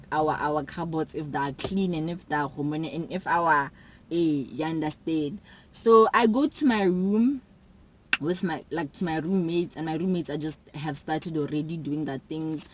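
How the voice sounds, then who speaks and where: A young woman telling a personal story to camera in a casual, animated way, acting out what people said. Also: low-pitched, a little hiss or hum, rough recording. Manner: animated, acts out quotes with sudden loud jumps. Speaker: vlogger.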